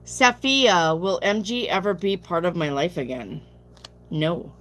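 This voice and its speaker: A woman's voice: fairly low pitch, animated, measured pace, fairly bright tone. A woman reading tarot on a live stream, chatting casually, reading viewer questions aloud and answering them bluntly, sounding sleepy. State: sleepy, yawning.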